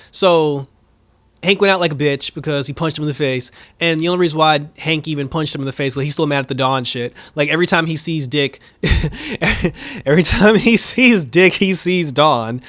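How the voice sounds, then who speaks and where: A high-voiced man talks through a show recap in loose, slangy, profane casual chat. He gets animated, laughs often, and mimics what characters said. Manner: acts out characters' lines in quick mimicry. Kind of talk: casual reaction review.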